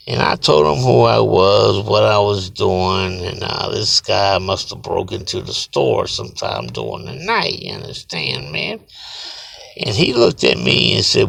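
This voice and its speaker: A man's voice: fairly low pitch, very animated, unhurried, gravelly, fairly bright tone, poor audio. A man with a Cajun accent telling a profane story in a casual vlog, drawling and checking in with his listener. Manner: drawling, keeps asking "you understand me". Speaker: storyteller vlogger.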